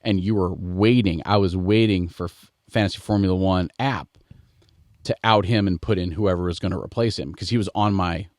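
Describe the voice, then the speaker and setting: Brief: middle-aged American podcast host with a lowish voice, relaxed and digressive. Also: male voice, normal speed, no echo, clean studio sound. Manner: rambling, digressive. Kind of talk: casual chat.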